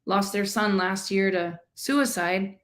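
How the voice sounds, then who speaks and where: A woman's voice: medium pitch, slow. A middle-aged woman and life coach, chatting casually as she retells a story and acts out the people in it. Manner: chatty, animated retelling with quoted voices.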